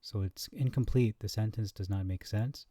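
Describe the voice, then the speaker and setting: Low-voiced man teaching scripture. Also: moderate pace, no echo, clean studio sound. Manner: reads verses aloud, thinks out loud with fillers. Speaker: Bible teacher. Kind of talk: scripture comparison lesson.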